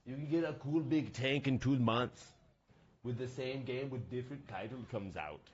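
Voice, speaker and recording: Young male streamer, joking and rambling, average pitch, slightly muffled mic. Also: normal speed, a little mellow, husky. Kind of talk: casual gaming stream chat.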